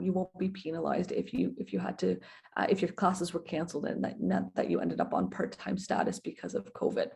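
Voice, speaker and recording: A woman gives a webinar presentation through a computer mic and walks students through the rules one point at a time. She sits at a middling pitch and keeps a patient, explanatory tone. She often checks in with "okay?" and "right?". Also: darkish tone. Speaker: immigration lawyer presenter.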